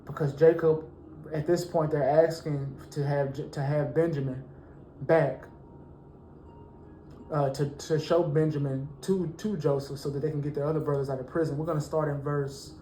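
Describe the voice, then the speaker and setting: A man teaching a Bible lesson, reading verses slowly and then preaching with rising fervor. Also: a little high, level tone, dark tone, reverberant, a little hiss or hum, poor audio.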